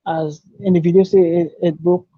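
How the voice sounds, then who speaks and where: A man giving an earnest, halting personal testimony, repeating and restarting his words. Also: sits high, flat delivery, no room sound. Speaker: guest telling his life story. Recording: dull dry lo-fi recording.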